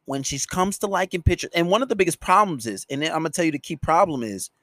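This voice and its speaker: A man's voice: a little high, expressive, fast, a bit bright, no room sound, studio quality. A man hosting a solo podcast, ranting at his listeners in a scolding, profanity-heavy way. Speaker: podcast host and dating coach.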